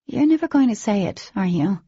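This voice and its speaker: A woman voicing an excitable, gushing teenage girl heroine in an audiobook, with a lifted, excited delivery. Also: medium pitch, a little slow, gravelly, slightly rough, no room sound, highs cut off, pitched above the performer's own voice.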